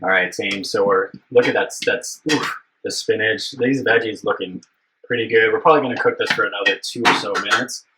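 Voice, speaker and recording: A man's voice: fairly low pitch, fairly even intonation, fairly quick, background noise. A young man hosting a live cooking stream, chatting casually and upbeat with his viewers, rambling with plenty of fillers.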